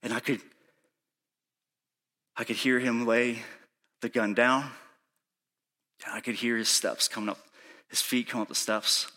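A man preaching a sermon, telling a personal story with urgency, sometimes hushed and sometimes pleading. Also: mid-range voice, little pitch movement, measured pace, pauses often. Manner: urgent pleading, rising to shouting in reenacted moments; soft and hushed when recounting prayer. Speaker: pastor.

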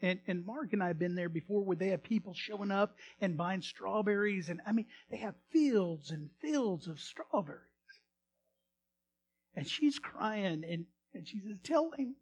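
A male pastor telling a story in a sermon, animated, swinging from loud bursts to hushed retelling. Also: high voice, moderate pace, a little hiss or hum.

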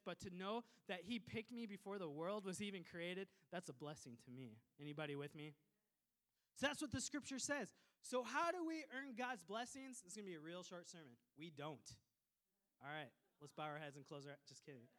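With a high-sitting male voice, this Minnesota pastor keeps his sermon lively and full of jokes, firing off quick asides to the people in the pews.

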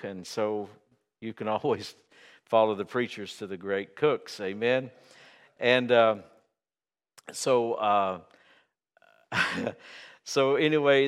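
A man's voice: medium pitch, clean tone. Folksy older man preaching in a reverberant hall. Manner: folksy, conversational, with humor and fillers. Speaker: pastor. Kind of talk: sermon. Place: church sanctuary.

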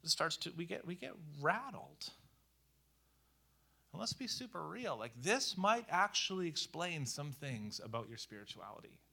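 A man preaching a conversational sermon in a lively, animated way, full of casual fillers. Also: fairly high pitch, normal speed, creaky. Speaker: pastor.

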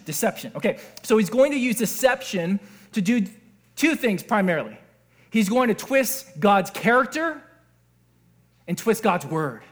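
A man preaching a sermon as pastor, animated and asking his listeners questions. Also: high voice. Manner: animated, asks the audience questions.

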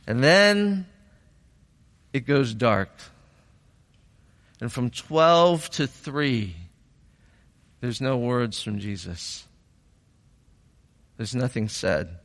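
A male pastor delivers a sermon at an unhurried pace, pausing between phrases. He is reflective, then builds to fervent emphasis. His voice carries a long reverb, as if in a large hall. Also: mid-range voice, animated, a bit bright.

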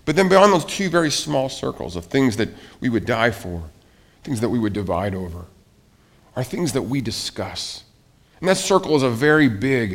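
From the pulpit, a male pastor preaches and leads a spoken prayer in a mid-range voice. He sounds earnest and pleading, often restarting and repeating phrases.

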